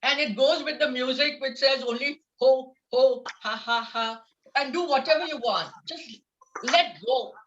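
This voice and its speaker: A woman with a bright, ringing tone guides a laughter yoga class, upbeat and coaxing, breaking into laughs as she goes. Her voice sits a little high. It comes through dull, lo-fi video call audio. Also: a little slow.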